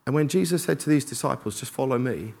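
Animated man preaching. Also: medium pitch, fast talker, creaky. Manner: animated, self-deprecating, acts out inner dialogue. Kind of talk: informal sermon with personal stories. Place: church hall with congregation.

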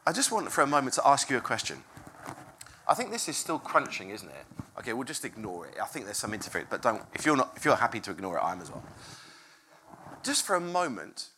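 Preacher, informal sermon, expressive, bright tone, chatty storyteller. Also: medium pitch, fast, a little hiss or hum. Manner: animated, chatty, self-interrupting, laughs often. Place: room with a congregation.

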